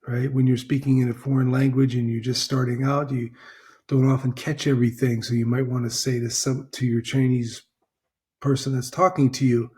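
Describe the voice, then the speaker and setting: A man's voice: medium pitch, little pitch movement, darkish tone. A man teaching a recorded language lesson, patient and repetitive, often checking in with "right?". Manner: slow, patient, repeats phrases, checks in with "right?".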